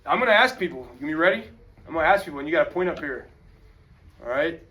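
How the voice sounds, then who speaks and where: A male teacher giving an energetic, slangy classroom lecture and calling on students. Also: on the high side, quick pace, recorded from a distance. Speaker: high school history teacher.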